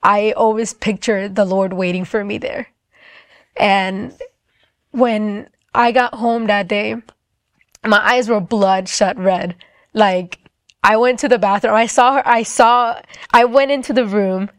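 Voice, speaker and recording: A young woman tells her faith testimony in a loose, conversational way and acts out everyone's lines as she goes. Her voice sits at an ordinary pitch and sounds close and dry, with almost no room sound around it. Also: steady tone, takes it slowly, no echo. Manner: storytelling, acts out the dialogue, often says "like". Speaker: person sharing a faith testimony. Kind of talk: casual spoken testimony.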